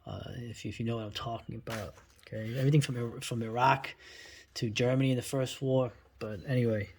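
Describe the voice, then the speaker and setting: A video host in his forties with a New York accent gives casual commentary on old cartoons, rambling bluntly with plenty of asides and tag questions. His medium-pitched, darkish voice is fairly even and fairly quick, with slight background noise.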